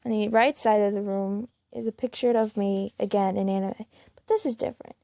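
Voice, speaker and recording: A woman's voice: medium pitch, little pitch movement, moderate pace, gravelly, warm tone, no room sound, studio quality. A woman reading a first-person fan story aloud in a plain way, with small slips and restarts. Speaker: fan-fiction reader.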